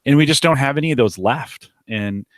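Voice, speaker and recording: A man's voice: medium pitch, a little fast, no room sound, clean studio sound. A man co-hosting a podcast, talking casually and rambling, often restarting his sentences. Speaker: podcast co-host.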